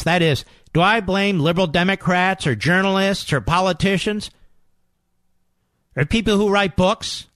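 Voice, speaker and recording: A man's voice: sits high, a bit bright, no echo. A middle-aged man hosting a political talk radio show, combative and sarcastic, hammering his points with emphatic repetition.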